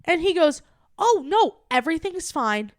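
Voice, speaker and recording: A young adult woman co-hosting a podcast, telling an animated story in casual chat and acting out the quoted lines. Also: very high-pitched, moderate pace, no echo, studio quality. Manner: animated, acts out quoted dialogue. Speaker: podcast co-host.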